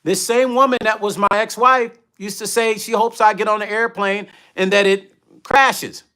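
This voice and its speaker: A man's voice: sits high, fairly even intonation, normal speed, sharp tone. A man hosting a candid livestream, telling blunt stories and reading viewer comments aloud. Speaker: livestream host and musician.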